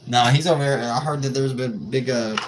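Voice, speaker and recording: A tired man chatting casually on a late-night livestream, joking and answering viewers' comments in a laid-back way. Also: mid-range voice. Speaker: livestream host. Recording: noisy livestream audio.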